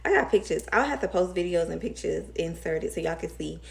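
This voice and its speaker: Gravelly-voiced young woman vlogger, rambling. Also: fairly low pitch, expressive, a little fast. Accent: Southern US. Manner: chatty, rambling, emotional. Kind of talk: casual storytime chat.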